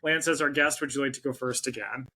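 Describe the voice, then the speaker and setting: A man's voice: medium pitch, fast talker, bright, forceful tone, poor audio. A man co-hosting a casual film podcast, giving wry, matter-of-fact opinions. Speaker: podcast co-host. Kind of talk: casual chat.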